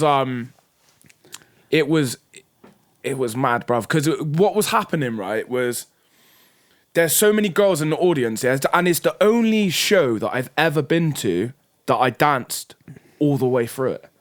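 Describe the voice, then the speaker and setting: A young man, co-hosting a podcast in casual chat and telling stories with lots of slang and swearing. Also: a little high. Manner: animated storytelling with slang, swearing and acted-out voices. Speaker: podcast co-host.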